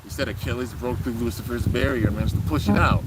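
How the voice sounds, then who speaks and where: A man giving casual, excited live commentary on a cartoon episode, describing what happens on screen and calling people "dude". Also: mid-range voice, quick pace, very noisy. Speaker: anime reaction YouTuber.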